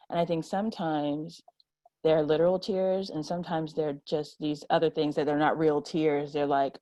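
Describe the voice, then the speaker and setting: A woman's voice: low voice, steady tone, moderate pace, dark tone, no room sound. A woman speaking as a panelist in a roundtable discussion, reflective in tone.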